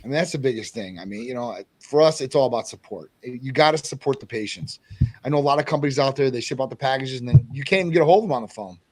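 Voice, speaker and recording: A man's voice: mid-range voice, quick pace, a little mellow. A man speaking for a company in a casual chat, explaining things with many fillers. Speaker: company representative.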